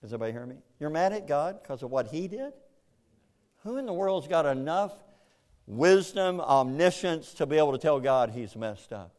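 A man preaching a sermon to a congregation, animated, jumping into loud, high acted-out voices. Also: moderate pace. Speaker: pastor.

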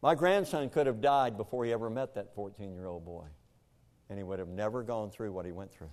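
An older male pastor delivering a sermon in a fervent, emotional voice. He surges into loud, pleading questions, then drops to a low, weary hush as he tells a family story. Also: brisk. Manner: emotional storytelling, swinging from shouted questions to hushed, heavy delivery.

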